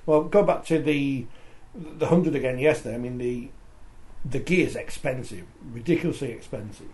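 A man's voice: medium pitch, normal speed, a little mellow. A man hosting a sports podcast, chatting and reading out listener comments. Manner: conversational, reads out listener comments. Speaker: podcast host. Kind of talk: casual sports discussion.

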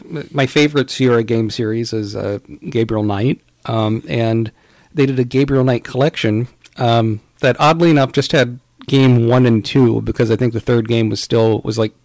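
A man with a gravelly, creaky voice talks through a relaxed podcast chat, wandering from point to point with plenty of "um"s and restarts. He sits at a middle pitch, and the sound is close and dry with no room around it. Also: no echo. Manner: rambling, with many fillers and restarts. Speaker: podcast co-host. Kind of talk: casual chat about retro video games.

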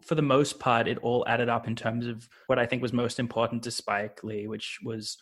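A man's voice: mid-range voice, level tone, normal speed, fairly bright tone. A man discussing a film in casual conversation, thoughtful and hesitant, building his points with restarts. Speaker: film podcast panelist.

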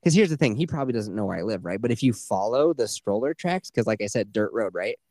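A man's voice: on the low side, lively intonation, fast, a little mellow, dry recording, studio quality. Profane man telling a story. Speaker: podcast host. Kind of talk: casual storytelling chat.

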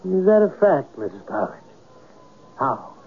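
An actor playing a writer who narrates his own tale in a radio drama, measured and wry. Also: fairly high pitch, big pitch swings, creaky, exaggerated voice. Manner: measured storytelling, wry and evasive in talk. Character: middle-aged writer telling his own story. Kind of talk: 1970s radio drama acting. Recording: lo-fi old radio broadcast with faint hiss.

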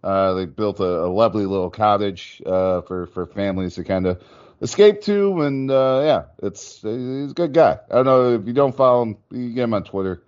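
A man's voice: lowish voice, moderate pace, darkish tone, clear, resonant tone, muffled recording. A man hosting a podcast, chatting loosely with lots of fillers and casual swearing. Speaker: podcast host. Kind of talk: casual chat.

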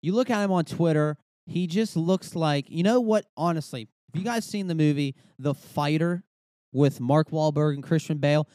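A man's voice: a little high, normal speed, dark tone, no echo, clean studio sound. A young man hosting a podcast, ranting casually with swearing and rambling asides. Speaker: podcast host. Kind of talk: casual comedic rant.

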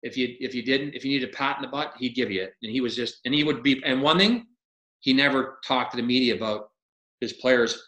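Male guest, casual storyteller, bright tone, roomy echo. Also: mid-range voice, brisk. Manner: animated storyteller acting out quotes, laughs often. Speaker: podcast guest, retired hockey player.

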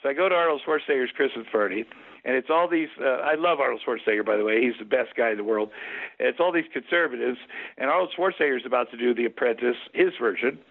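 A man telling a long story as an interview guest, rambling and lively, with many restarts and quoted exchanges. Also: medium pitch, fast talker, gravelly. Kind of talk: animated storytelling. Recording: phone-like narrow sound.

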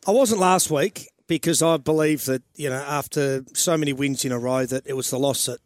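A man's voice: mid-range voice, moderate pace, no echo. A middle-aged Australian man on sports radio, explaining football tactics in a rambling way and restarting his sentences as he goes. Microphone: studio microphone.

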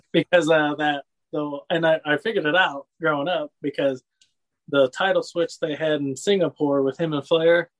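On a low-quality recording, a man speaks at normal speed in a voice on the high side, fairly bright and fairly even. He chats loosely about wrestling days, laughing often and dropping "you know what I mean" as he rambles.

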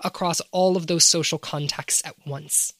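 A woman's voice: low-pitched, steady tone, normal speed, no echo. A woman talking through an idea in an academic way, asking rhetorical questions as she explains. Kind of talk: casual analytical discussion.

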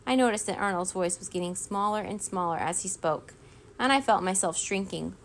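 A woman's voice: medium pitch, fairly quick, slight background noise. Woman reading a storybook aloud. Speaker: reader.

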